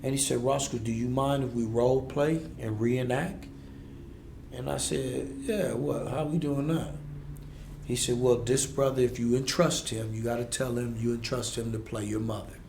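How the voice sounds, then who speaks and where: A man's voice: mid-range voice, steady tone, moderate pace, creaky, background noise. A man in his forties, a podcast guest, telling a raw, intense personal story in blunt street-inflected speech. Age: 40s. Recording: echoey room.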